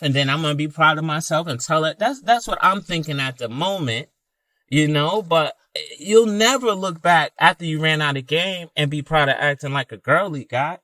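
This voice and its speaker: A man's voice: a little high, pushed and bright, no echo. A man telling a personal story in an emphatic, casual way, repeating words and using fillers like "you know.". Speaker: video creator.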